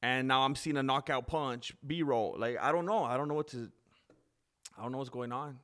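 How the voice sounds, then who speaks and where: A man chats through a live fight stream in casual commentary, rambling and quick to get excited. His voice sits at an ordinary middle pitch. He talks like he is hanging out with his viewers. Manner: chatty, rambling, easily excited.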